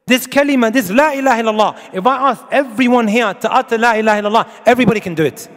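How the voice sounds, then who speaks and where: A man's voice: very high voice, rapid-fire, hardly any pauses, a bit bright, long reverb tail. A man preaching a sermon to an audience, emphatic and full of rhetorical questions, with Arabic quotations. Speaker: Islamic preacher.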